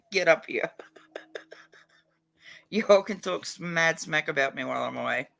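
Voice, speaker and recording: Foul-mouthed guy streaming, bit drunk and stoned, gravelly bright voice. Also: fairly high pitch, expressive, slow. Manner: crude, profane and blunt. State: tipsy and stoned. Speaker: livestreamer. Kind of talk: casual livestream chat.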